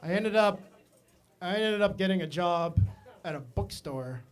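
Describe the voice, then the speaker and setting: A man from Maine telling stand-up comedy stories, animated and self-mocking, with asides to the audience. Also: sits high, a little slow. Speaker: stand-up comic.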